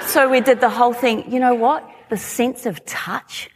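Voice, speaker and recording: An Australian woman in her forties giving an animated talk to a live audience, chatty with laughing asides. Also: on the high side, brisk. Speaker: speaker. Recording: long hall reverb.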